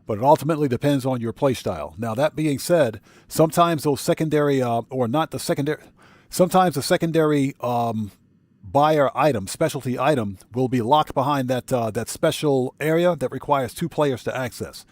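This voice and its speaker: A man's voice: medium pitch, moderate pace, a little mellow, no room sound. A man hosting a solo game livestream, casually reading and answering chat with frequent chuckles, speaking. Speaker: livestream gamer host.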